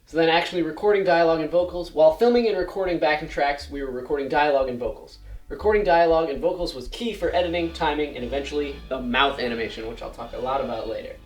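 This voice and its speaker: A man's voice: on the high side, quick pace. Chatty teenage boy presenting, roomy echo. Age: late teens. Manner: chatty, explanatory, with frequent "like" and "so". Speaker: student presenter. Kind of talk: casual slideshow presentation. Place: school presentation room. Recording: roomy echo with faint music.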